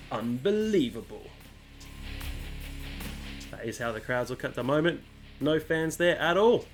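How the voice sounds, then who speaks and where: A man's voice: on the high side, lively intonation, measured pace, long pauses, soft background music. A man hosting a casual let's-play, chatting through menus and reading the on-screen text aloud. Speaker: gaming channel host.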